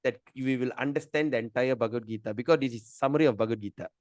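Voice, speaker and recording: A man's voice: mid-range voice, rapid-fire, a little mellow, no echo. A middle-aged man, teaching a scripture class in a chatty, emphatic way. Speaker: Gita teacher.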